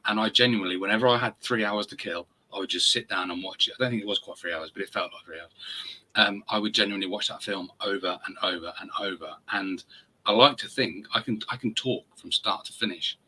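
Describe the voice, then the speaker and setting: A man's voice: lowish voice, sharp tone, husky, rough recording. A man in his forties hosting a podcast, chatting enthusiastically and rambling with fillers. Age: 40s. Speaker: podcast host. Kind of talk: casual chat.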